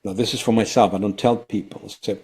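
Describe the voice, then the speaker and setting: A man, a company founder, explaining ideas on a conversational podcast in an emphatic way that turns louder when he gets excited. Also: on the low side, fast talker, breathy edge.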